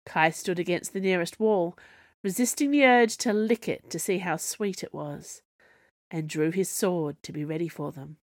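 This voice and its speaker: A woman author narrating her own serialised fiction in a measured storytelling manner. Her voice sits a little low, and the recording is dry and close with no room sound. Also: dry recording. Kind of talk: scripted narration.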